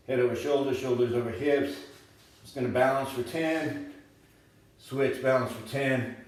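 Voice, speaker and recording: This medium-pitched fitness coach walks viewers through a home workout, slightly winded as he shows each move, with an easygoing, encouraging manner and thinking aloud as he goes. He moves around an indoor room in front of the camera, whose distant mic leaves him off-mic and very echoey.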